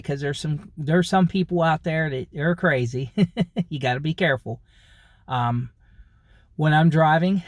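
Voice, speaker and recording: A man's voice: fairly high pitch, no room sound. A man vlogging to camera in a loose, rambling way, with many fillers, restarts and chuckles. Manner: rambling, repeats himself, frequent fillers and chuckles. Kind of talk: casual talk to camera.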